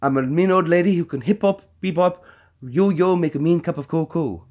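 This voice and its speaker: A man putting on the high, warbling voice of a mean old lady nanny, in an impression of a famous comic character. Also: normal speed, a little mellow, dull audio, close to an everyday voice. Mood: showy.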